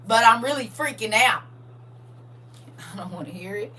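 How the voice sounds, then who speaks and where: A middle-aged woman with a St. chatting casually with viewers on a livestream, telling animated stories and acting out her own reactions. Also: fairly high pitch, fairly quick, distant mic, rough recording. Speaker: livestream host.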